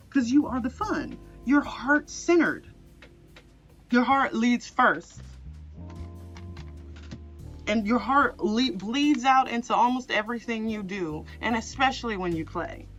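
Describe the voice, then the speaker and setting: A woman's voice: a little high, fairly bright tone. A woman giving a casual pick-a-card tarot reading, rambling and chatty with frequent laughs. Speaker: tarot reader. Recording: slightly dull lo-fi audio with faint music.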